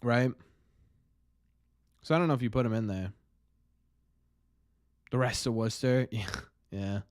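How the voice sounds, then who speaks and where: In casual live-stream game commentary, a young podcast host reads chat and chats with viewers, rambling in exasperated bursts and frequently starting over. He has a medium pitch and speaks a little slowly, in studio-quality audio with no room sound.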